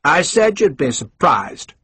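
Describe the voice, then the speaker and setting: A man putting on a suave, scheming English colonel in an audiobook, smooth and condescending with a somewhat high, husky voice. His lines rise and fall in a lively, lecturing way. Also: measured pace, dry recording, exaggerated voice.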